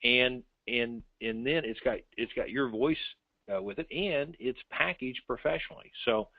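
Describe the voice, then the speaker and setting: Male host, mid pitch, enthusiastic and rambling, heard over a tinny phone line. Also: moderate pace, gravelly, no room sound. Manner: enthusiastic, many fillers and restarts. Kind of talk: casual chat.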